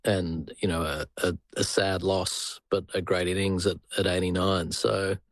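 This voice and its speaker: A man's voice: low voice, little pitch movement, a little slow, dry recording, clean studio sound. An Australian man co-hosting a podcast with a teasing, jovial manner. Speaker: podcast co-host. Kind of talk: casual chat.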